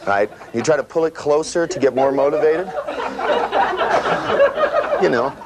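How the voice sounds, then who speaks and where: A man giving a live seminar lecture, animated and profane, full of "you know" and "right", acting out sounds with his voice. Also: on the high side, measured pace, over a noisy crowd. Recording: noisy old tape recording with clicks.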